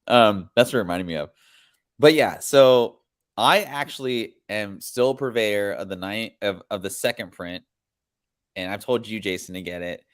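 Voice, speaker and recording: Speaking at a normal speed in a lowish voice, a podcast host chats casually. His talk is laid-back, rambling, and full of slang.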